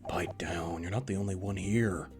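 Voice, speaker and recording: A man voicing a calm, teasing young deliveryman with a dry, deadpan delivery. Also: low-pitched, moderate pace, soft background music, close to an everyday voice. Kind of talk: visual novel voice reading.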